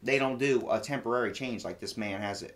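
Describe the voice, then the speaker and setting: A man's voice: mid-range voice, fairly quick. A man co-hosting a comedy podcast who reads out notes in an emphatic, theatrical manner. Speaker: podcast co-host.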